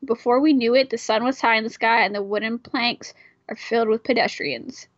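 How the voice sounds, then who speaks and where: A woman reads a fan-made game aloud with casual, irreverent asides, her voice slightly higher than most. The recording sounds dull and dry. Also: fairly quick, no echo. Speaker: player reading a game aloud. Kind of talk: casual read-through of a visual novel.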